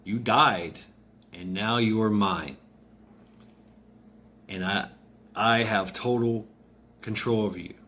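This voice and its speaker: A man's voice: lowish voice, slow pace, pauses often, a bit bright. A man voicing a half-corpse goddess who rules the dead, imperious and resentful, giving orders.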